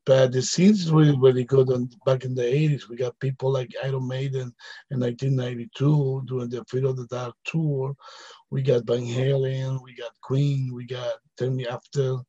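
A man in his fifties speaks in English with a strong Venezuelan Spanish accent. He sounds relaxed in casual conversation and keeps adding "you know." The sound is dull and lo-fi, with very little room. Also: medium pitch, moderate pace, no room sound. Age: 50s. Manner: relaxed, laughs easily, fills with "you know". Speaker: guest. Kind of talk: casual interview chat.

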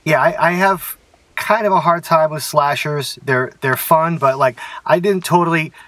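A man's voice: a little high, moderate pace, sharp tone, no echo, far from the mic. A man co-hosting a casual podcast about films, talking hesitantly and frankly. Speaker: podcast co-host. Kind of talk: casual film discussion.

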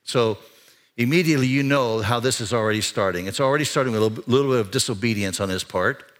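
A male pastor delivers a sermon in a church sanctuary at a fast clip, speaking conversationally. His voice climbs higher and louder for emphasis and drops quiet for the serious points.

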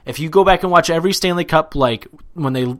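A young man chatting casually about sports as a podcast co-host, animated and swearing freely, with plenty of fillers. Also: on the high side, fast talker.

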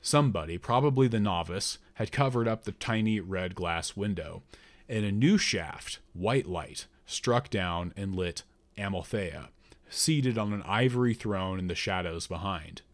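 A man reading a first-person story aloud in a measured, deliberate narrating voice. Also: low voice. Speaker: audiobook narrator.

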